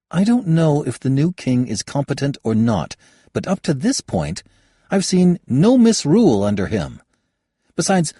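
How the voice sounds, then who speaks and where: A man's voice: on the high side, dark tone, slightly rough, no room sound, clean studio sound, pitched above the performer's own voice. A man voicing an analytical young woman soldier who presses her point and turns anxious.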